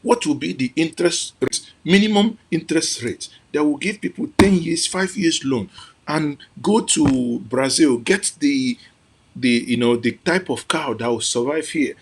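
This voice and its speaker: A man's voice: on the high side, expressive, a little slow, slightly rough. A man with a Nigerian accent giving impassioned commentary as host, emotional and exclamatory, repeating phrases for emphasis. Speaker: host reacting to an archive clip.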